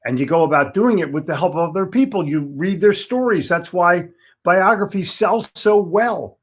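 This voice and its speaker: A man's voice: high voice, normal speed. An older man in his seventies from Philadelphia speaks in a raised register. He is a sales trainer giving a motivational talk, blunt and folksy, driving his points home by repeating key words. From Philadelphia, United States. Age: 70s.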